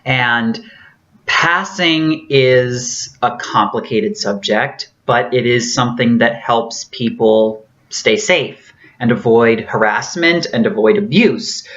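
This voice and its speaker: A woman's voice: very deep voice, takes it slowly, highs cut off. A woman vlogger giving an earnest, casual tutorial with a theatrically trained voice and many fillers.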